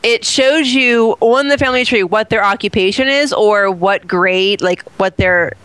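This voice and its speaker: Woman, slight lisp, rambling podcast chat, mid-pitched, giggly. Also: a little slow, a bit bright, smooth, no room sound, rough recording. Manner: chatty, rambling, with restarts and giggles. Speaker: podcast co-host.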